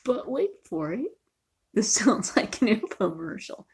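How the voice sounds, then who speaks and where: A woman's voice: mid-range voice, big pitch swings, measured pace, slight background noise. A woman chatting casually in a cooking vlog, joking and often dropping to a near whisper. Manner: chatty, jokey, sometimes drops to a near whisper. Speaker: vlogger.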